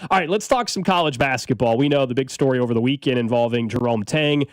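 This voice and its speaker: Fast-talking male sports radio host. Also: mid-range voice, no echo. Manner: quick, rambling, restarts often. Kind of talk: casual sports radio talk. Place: radio studio.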